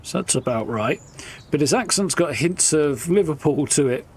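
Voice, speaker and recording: Guy streaming a game, chatty and a bit high-pitched, lots of ums. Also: expressive, normal speed, husky. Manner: casual, rambling, thinks aloud with fillers. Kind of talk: live gameplay commentary.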